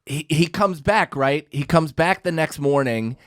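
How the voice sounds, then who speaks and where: A man's voice: on the high side, a little slow, fairly bright tone, dry recording, studio quality. A man on a podcast mic telling a heated, profanity-laced story in casual chat, acting out what people said. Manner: heated, profane, acts out quotes.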